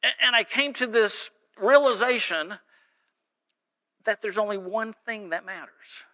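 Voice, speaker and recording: Bright-voiced animated man preaching. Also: high voice, unhurried. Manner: animated storytelling preacher, reading scripture aloud. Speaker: pastor. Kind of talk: sermon. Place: church sanctuary.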